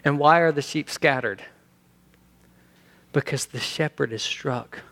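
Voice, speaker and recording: A male pastor preaching a sermon, animated, acting out the quoted lines with sudden shifts between loud and soft. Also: on the high side, measured pace, vocal fry. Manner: animated, acts out quotes, sings hymn lines.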